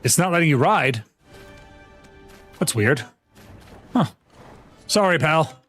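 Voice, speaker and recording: A young man live-streaming a game, talking to his chat in an excitable, laughing, apologetic way. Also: a little high, slow, faint music behind.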